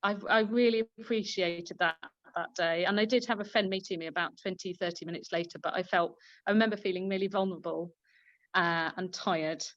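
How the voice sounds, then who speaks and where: A woman's voice: fairly low pitch, fairly even intonation, brisk, a bit bright, dry recording. A woman hosting an online panel chat, a midwife telling a story in a chatty way with many fillers. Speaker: host and midwife. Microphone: video call. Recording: dull, slightly lo-fi call audio.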